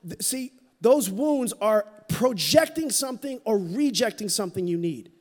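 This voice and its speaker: A middle-aged man preaching a sermon in a church, telling a personal story with candor and dropping to a hush at tender moments. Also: high voice, expressive, normal speed. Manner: candid, storytelling, drops to a hush for quoted moments. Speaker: pastor. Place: church sanctuary. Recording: long hall reverb.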